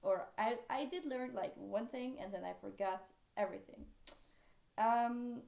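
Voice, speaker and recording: A woman's voice: a little high, unhurried, gravelly, dark tone. A young woman from Norway with a Norwegian accent, chatting casually about a book with frequent sidetracks and fillers. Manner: rambling, sidetracks often, many fillers. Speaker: book vlogger. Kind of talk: casual chat. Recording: echoey room.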